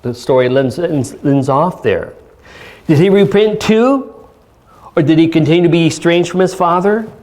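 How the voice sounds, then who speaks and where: A man pastor giving a church sermon, speaking earnestly with pauses and reading scripture aloud. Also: fairly high pitch, expressive, a little mellow. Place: church service.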